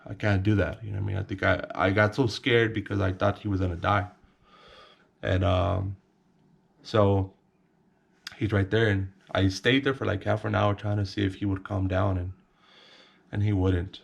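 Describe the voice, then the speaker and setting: Gravelly low-voiced man telling a story. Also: steady tone, normal speed, pauses often, dull audio. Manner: rambling, repeats words, acts out others in whispers. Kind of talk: casual storytelling to camera.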